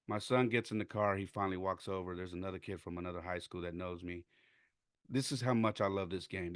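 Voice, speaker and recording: A man hosting a podcast, telling a story about coaching baseball in a casual, animated way and acting out what people said. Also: deep voice, dry recording, clean studio sound. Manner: animated, acts out quotes with shouts.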